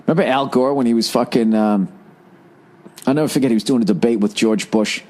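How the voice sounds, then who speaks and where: A man's voice: medium pitch, a little fast, a little mellow. A man hosting a podcast alone, ranting in a profane, sarcastic, rambling way. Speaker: podcast host. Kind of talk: solo ranting monologue.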